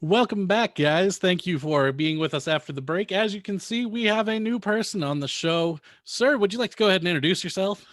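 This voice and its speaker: A man hosting a travel podcast in relaxed, easygoing casual chat. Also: high-pitched, a little fast, hardly any pauses. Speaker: podcast host.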